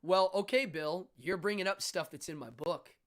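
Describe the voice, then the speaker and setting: A man's voice: high-pitched, moderate pace. A man in his fifties hosting a live stream, chatting casually in a laid-back, slangy way and thanking viewers by name. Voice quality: laid-back, slangy, with frequent ums and uhs. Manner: upbeat sign-off, shouting out viewers by name. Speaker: host.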